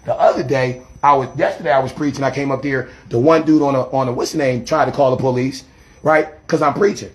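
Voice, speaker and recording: A man, a street preacher, defensively arguing and talking fast over others while filming a confrontation outdoors on his phone. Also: medium pitch, steady tone. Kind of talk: heated self-filmed confrontation. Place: outdoors by a church. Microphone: handheld phone camera.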